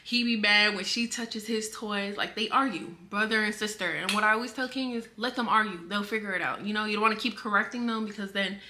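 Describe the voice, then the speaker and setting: A woman's voice: medium pitch, steady tone, brisk, hardly any pauses, bright, forceful tone, a little hiss or hum. A young woman vlogger talking casually to camera, defending herself in a rambling way with lots of filler words.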